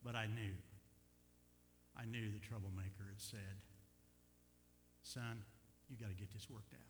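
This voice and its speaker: An older man preaching a sermon as pastor, telling a personal story with animated swings from quiet asides to loud, emphatic peaks. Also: lowish voice, unhurried. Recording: echoey hall with faint hum.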